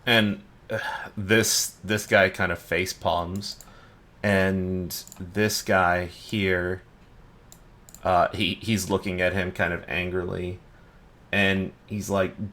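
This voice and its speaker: A man running a tabletop game as dungeon master, narrating in a relaxed way with lots of fillers. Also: sits low, slow pace.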